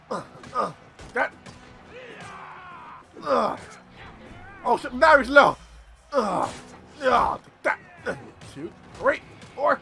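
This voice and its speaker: Excitable gaming commentator, male, high and bright, swearing freely. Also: slow, gravelly, long pauses, faint music behind. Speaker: gaming youtuber. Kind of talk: let's play commentary.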